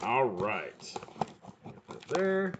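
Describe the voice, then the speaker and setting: A man hosting a live stream in casual chat, greeting viewers by name and swearing freely, his voice sounding a bit hoarse. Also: medium pitch, sing-song, drawn-out words, dull audio, noisy background. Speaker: livestream host.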